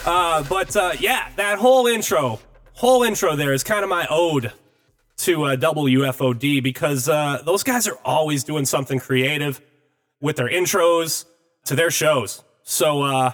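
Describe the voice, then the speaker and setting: A man's voice: a little high, a little slow, fairly bright tone, soft background music. A man with a Midwestern accent hosting a podcast in casual banter, swearing a lot and sardonic. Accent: Midwestern American. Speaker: podcast host.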